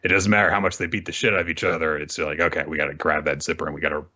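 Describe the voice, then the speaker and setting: A man's voice: extremely low pitch, little pitch movement, rapid-fire, pushed and bright. A young man co-hosting a casual manga recap, making wry, jokey asides. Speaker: podcast co-host. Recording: slightly dull lo-fi audio.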